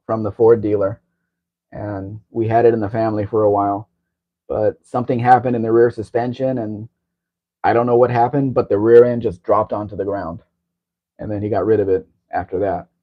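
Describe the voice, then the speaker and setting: A man's voice: lowish voice, dull audio. A man hosting a casual live-stream chat, talking in a rambling, wry way about old cars. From Southern California. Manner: rambling, chatty car talk with wry asides. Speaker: show host.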